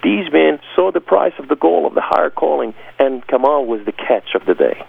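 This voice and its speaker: A man's voice: a little high, animated, a little fast, creaky, breathy edge, no echo. A man giving an emphatic, dramatic personal testimony as an interview guest. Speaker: guest telling his testimony. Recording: dry, phone-like lo-fi sound.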